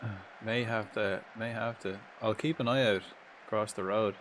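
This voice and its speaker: A man's voice: on the low side, fairly even intonation, moderate pace, a bit bright, slight background noise. A young man streaming a football management game, muttering to himself, swearing and chatting loosely with his viewers. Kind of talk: casual live-stream commentary.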